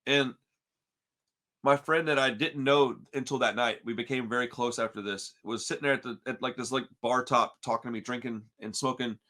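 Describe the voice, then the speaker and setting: A man from Texas telling a story on a podcast in casual chat, slangy and animated, calling everyone dude and bro. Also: mid-range voice, normal speed. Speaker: podcast co-host.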